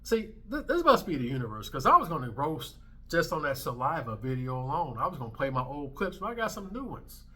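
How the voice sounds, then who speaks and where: A man's voice: a little high, big pitch swings, brisk, bright, forceful tone. A man in his thirties hosting a commentary vlog, ranting in a brash, emphatic way and swearing freely. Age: 30s. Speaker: commentary channel host.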